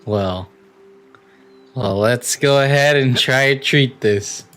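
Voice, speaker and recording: A man's voice: medium pitch, slow, fairly bright tone, soft background music. A young man playing a tabletop game, laid-back, laughing often and slipping into his character's lines. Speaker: player. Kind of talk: casual tabletop play.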